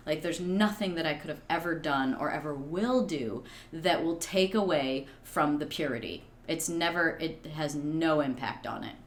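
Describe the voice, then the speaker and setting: A woman in her thirties speaks in a low register, earnest and searching, filling her thoughts with "like". Her voice rings a little in a roomy space, with faint noise behind. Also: normal speed, few pauses. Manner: earnest, many fillers like "like". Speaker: podcast guest. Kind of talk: reflective conversation.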